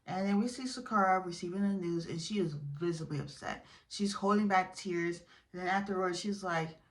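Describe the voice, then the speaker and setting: A woman giving a casual, opinionated recap of a reality show, chatty and full of fillers, getting animated when she is indignant. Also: on the low side, moderate pace.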